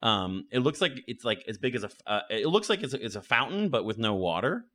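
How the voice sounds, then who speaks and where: Male game master, casual halting narration, lively intonation. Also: medium pitch. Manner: casual, halting, many restarts.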